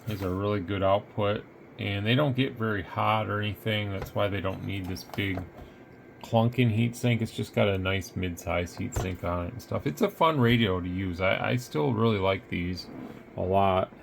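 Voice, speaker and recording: A man's voice: lowish voice, normal speed, vocal fry, a little hiss or hum. A man casually demonstrating a radio, rambling in an easygoing way and sounding tired. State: tired, yawning. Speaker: radio seller demonstrating gear. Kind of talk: casual product demo.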